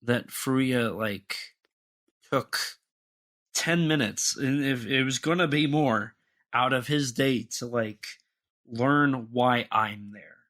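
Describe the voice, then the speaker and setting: Young male podcast co-host, bright forceful tone, rambling chatty delivery full of restarts. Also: medium pitch. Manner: rambling, halting, many restarts and fillers. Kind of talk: casual podcast chat.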